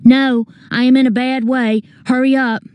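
A woman reading aloud, voicing a terrified young girl trapped in a pit who cries out for help in high, pleading shouts. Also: flat delivery, moderate pace, muffled recording, close to an everyday voice. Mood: desperate.

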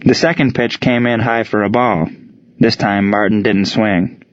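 Male narrator, low voice, steady storytelling read, dry and slightly muffled recording. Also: measured pace, no echo. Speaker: audiobook narrator. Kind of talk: scripted narration.

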